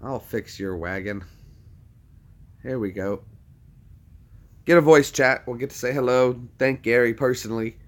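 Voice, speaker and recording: A man's voice: mid-range voice, unhurried, long pauses. A man hosting a casual livestream, chatty and upbeat, talking straight to his viewers. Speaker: livestream host.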